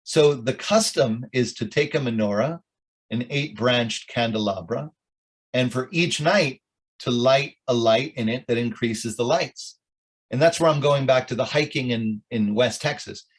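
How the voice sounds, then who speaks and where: Middle-aged rabbi chatting easy at a club meeting, storytelling, cracking jokes, voice right in the middle. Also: male voice, medium pitch, a little slow. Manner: folksy storytelling with jokes and asides to the audience. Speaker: rabbi, guest speaker. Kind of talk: informal talk at a club meeting.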